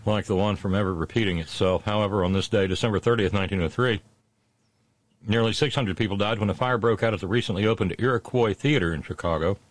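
A middle-aged man hosting a satirical on-this-day history segment, full of puns and sarcastic asides, slowing down for his punchlines. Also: on the low side, no room sound. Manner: punning asides and sarcastic jabs; slows down for punchlines. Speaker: host of a daily history segment.

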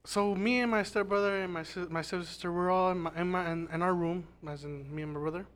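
A man's voice: high voice, steady tone, fast, fairly bright tone. A man telling a ghost story in casual, rambling podcast chat, swearing often and restarting his sentences. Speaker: podcast guest.

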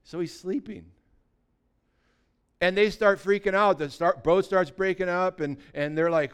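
A man delivering a sermon, retelling a scripture story in a casual, animated way. His voice is smooth and resonant, pitched a little high for a man. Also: moderate pace. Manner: animated storytelling, acting out quotes. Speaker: pastor.

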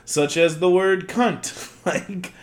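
A man's voice: high voice, takes it slowly. A man co-hosting a casual film podcast, chatty and joking, laughing often and swearing casually. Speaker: podcast co-host.

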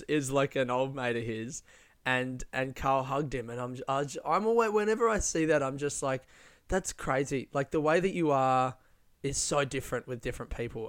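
A man's voice: mid-range voice, fairly bright tone, smooth, no echo, studio quality. A young Australian man, a stand-up comedian, rambling through a profane, self-mocking casual monologue.

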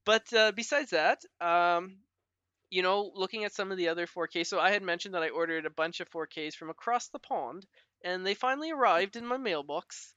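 This podcast co-host is a man with a high, bright, pushed voice who talks a little fast. The recording is dry with the highs cut off. He chats loosely, laughing often and leaning heavily on "like" as a filler.

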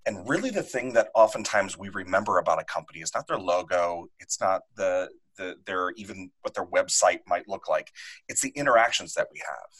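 A man hosting an interview, asking his guest thoughtful, measured questions. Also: low voice, lively intonation, fairly bright tone, husky, low-quality recording. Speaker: podcast host. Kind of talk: interview host.

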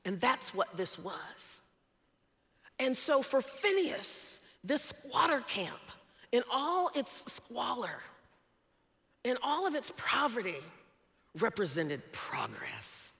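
A woman's voice: high-pitched, sing-song, slow pace, bright, forceful tone, big-room sound. A woman preacher telling a personal story in a sermon, earnest and emphatic.

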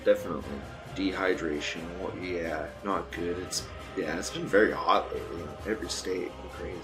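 A man's voice: sits low, fairly even intonation, normal speed, music in the background. A young man hosting a casual commentary show, rambling and crude, laughing often. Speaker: show host.

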